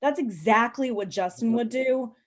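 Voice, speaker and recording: Over a live video call, a woman in her thirties does stand-up, her voice a little high and her pace moderate. Her set is frank and bawdy, with stories peppered with ums and small laughs.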